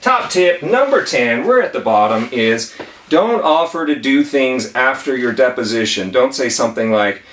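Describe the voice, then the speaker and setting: A man teaches legal tips at a whiteboard, talking in a casual, emphatic way and repeating his key points. His voice sits at an ordinary middle pitch. It is picked up from some distance away in a roomy, echoing room. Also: expressive, normal speed, fairly bright tone, a little hiss or hum. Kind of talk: whiteboard lesson. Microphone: camera mic at a distance.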